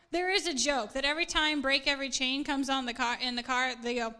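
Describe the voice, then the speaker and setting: A woman's voice: sits high, steady tone, a little fast, few pauses, pushed and bright. A middle-aged woman pastor, preaching a casual sermon in an earnest, chatty way and laughing at herself now and then.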